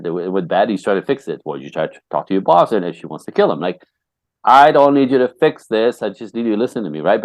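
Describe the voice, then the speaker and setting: A man's voice: low-pitched, darkish tone, no room sound. A man who works as a relationship coach, talking bluntly and emphatically as a podcast guest and laughing often. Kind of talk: casual interview talk.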